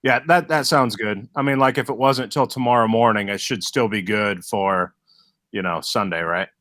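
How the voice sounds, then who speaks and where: A lower-pitched man asks the team a quick question, speaking plainly and casually. The sound is close and dry, with no room around it. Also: sharp tone, dry recording. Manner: casual, direct. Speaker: listener asking a question.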